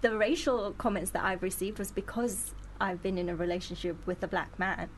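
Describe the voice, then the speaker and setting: A woman's voice: mid-range voice, steady tone, a little fast, slight background noise. A woman from South Africa with a South African accent, a radio guest talking candidly and bluntly with a giggle. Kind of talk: casual radio studio chat. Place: radio studio.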